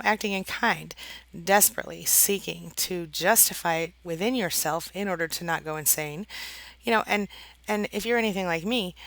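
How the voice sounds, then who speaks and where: A woman's voice: on the low side, a bit bright, no echo, poor audio. A woman host talking earnestly and casually to her viewers about abusive relationships, with many fillers and small laughs. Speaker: host, narcissistic abuse coach. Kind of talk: casual talk to camera.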